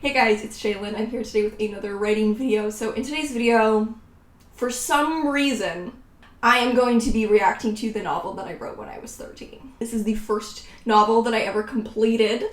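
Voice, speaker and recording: A woman's voice: on the high side, normal speed. A woman in her twenties talking casually and with sarcastic self-mockery as she looks back on her own writing. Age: 20s. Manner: sarcastic, self-mocking, laughs at herself. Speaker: writing vlogger. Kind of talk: casual reaction vlog. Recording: roomy echo.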